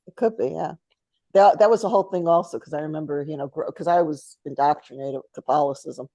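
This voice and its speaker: A middle-aged woman talks casually, spinning anecdotes and jokes as a talk show co-host. Her voice sits low and sounds mellow and relaxed. The recording is dry, with no room around it. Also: quick pace, dry recording. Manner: storytelling, chatty, laughs often. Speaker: podcast co-host. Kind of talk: casual spiritual chat.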